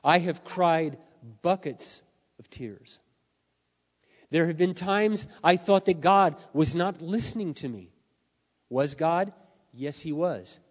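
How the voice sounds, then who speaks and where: A middle-aged man delivers a slow sermon in a slightly high voice that's going hoarse as he loses it. He speaks earnestly, sinking to quiet confessions before building to loud, emphatic peaks. The audio is muffled, with the long reverb of a large hall.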